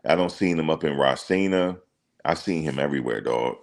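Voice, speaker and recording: This reaction streamer has a very deep, gravelly voice and moves along briskly. He chats casually while going through viewer comments, keeping the banter loose and slangy and filling his thinking-aloud with ums.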